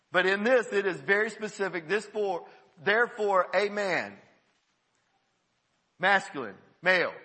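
A man's voice: sits high, pushed and bright, long reverb tail. A man, a pastor, preaching a sermon in a conversational, emphatic way to his congregation. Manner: conversational preaching, emphatic, breaks into quoted voices.

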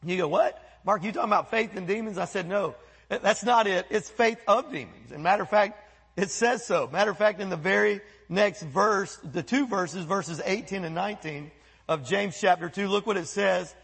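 A man preaching a sermon as pastor, animated, breaking into quoted voices and asides. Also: sits high, moderate pace, gravelly, husky, in a large hall. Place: church sanctuary.

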